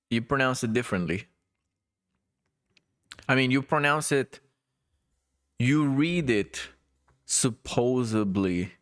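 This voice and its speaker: A man's voice: mid-range voice, a bit bright, clear, resonant tone, no echo, studio quality. A man from Spain, chatting casually on a live stream and patiently explaining, repeating himself. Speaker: livestreamer.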